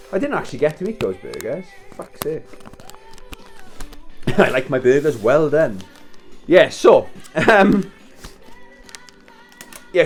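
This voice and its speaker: A man's voice: medium pitch, a little mellow. A Welsh man in his thirties telling a rambling story in casual chat, swearing and laughing as he wraps presents at home. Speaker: vlogger.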